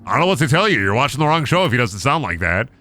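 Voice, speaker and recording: Young man, game streamer, lively rambling, bright voice. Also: medium pitch, rapid-fire, soft background music. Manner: goofy, rambling, sings and jokes. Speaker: gaming streamer. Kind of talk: casual live-stream commentary.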